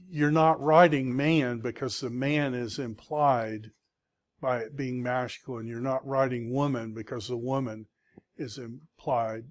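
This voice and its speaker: A middle-aged man teaching a Greek vocabulary lecture to students, patiently checking in with the class as he goes. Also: medium pitch.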